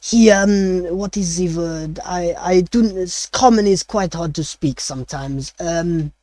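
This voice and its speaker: A tall, skinny chef with a thick French accent, anxious and forever searching for the right word. A man puts him on in a raised, brighter voice over a dry, close recording. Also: sits high, a little slow, no echo. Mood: fumbling. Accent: French (put on). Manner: fumbling for words, anxious.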